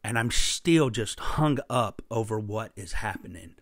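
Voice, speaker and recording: A man preaching a sermon through a personal story, impassioned and emphatic, with sudden loud bursts. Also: fairly low pitch, lively intonation, unhurried, no room sound, clean studio sound.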